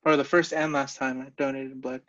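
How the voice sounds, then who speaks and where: A man's voice: medium pitch, level tone, a little fast, a bit bright. A young man co-hosting a podcast, telling casual stories in a rambling way, with slangy talk and casual swearing. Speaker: podcast co-host. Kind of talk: casual chat. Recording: slightly dull, lo-fi sound.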